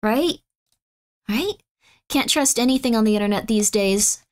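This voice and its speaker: This streamer has a slightly high voice and takes her time. Chatting casually with her live chat, she's excitable and mock-indignant, shifting between loud outbursts and muttered remarks.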